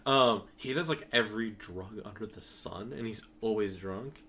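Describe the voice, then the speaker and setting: A man's voice: lowish voice, normal speed, bright, forceful tone. Easygoing young man chatting with friends. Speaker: friend in a group chat. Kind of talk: casual chat among friends.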